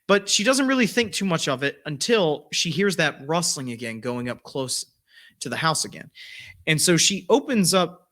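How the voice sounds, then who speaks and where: Bright-voiced man telling a story. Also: fairly high pitch, lively intonation, moderate pace. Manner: rambling, with many fillers and restarts. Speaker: podcast host. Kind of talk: casual storytelling.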